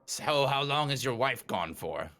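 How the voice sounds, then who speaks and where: Lively bright-voiced man playing a tabletop game. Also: medium pitch, a little slow. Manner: lively, speaks in character and narrates own actions. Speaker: player. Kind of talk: tabletop role-play chat.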